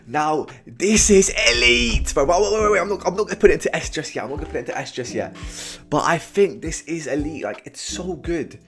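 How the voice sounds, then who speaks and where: A young British man ranking phrases in casual comedy commentary, full of slang and "bro", veering from low mumbles to sudden shouted verdicts. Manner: slangy and animated, keeps saying "bro", swings from mumbling to shouting. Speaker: tier list host.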